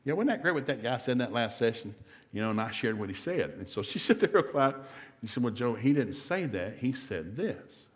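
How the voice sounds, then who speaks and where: A man's voice: mid-range voice, sing-song. A middle-aged man with a Southern US accent, giving a humorous marriage seminar in a church and acting out the voices in his stories. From American South. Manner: fast-talking storyteller acting out quotes. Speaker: seminar speaker. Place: church hall.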